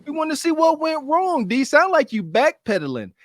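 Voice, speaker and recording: A man's voice: extremely high pitch, sing-song, normal speed. A man from Pittsburgh co-hosting a podcast, teasing and laughing often in casual chat. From Pittsburgh, United States. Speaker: podcast co-host.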